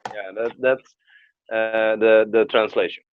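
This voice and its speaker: A man's voice: lowish voice, steady tone, slow pace, slight background noise. A man co-hosting a casual podcast, hesitant and searching for words. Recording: dull lo-fi dry sound.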